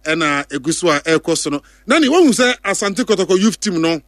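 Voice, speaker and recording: A man with a Ghanaian accent co-hosting a radio sports show, playful, with quick interjections. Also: fairly high pitch, animated, no room sound, studio quality. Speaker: radio co-host. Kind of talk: casual radio sports chat.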